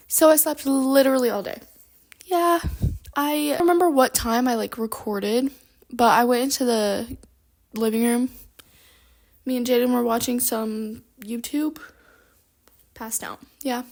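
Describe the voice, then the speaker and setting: A young woman chatting casually in a book vlog at home, bubbly and rambling, with lots of fillers, speaking into a handheld microphone. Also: on the high side. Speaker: book vlogger. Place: at home, moving between rooms.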